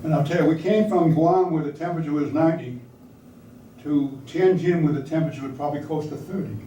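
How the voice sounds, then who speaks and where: A man's voice: a little high, fast, mellow, a little hiss or hum. An older man telling anecdotes to an audience in a conversational way, sometimes asking the listeners questions. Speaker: speaker recounting wartime service. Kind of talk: storytelling talk to an audience. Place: hall or meeting room with audience. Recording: echoey room, speaker far from mic.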